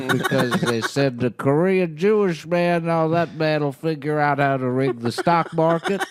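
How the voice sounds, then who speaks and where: A man's voice: on the high side, a little hiss or hum. A man playing a boastful self-described braggart who rambles through a mock confession, giggling as he goes.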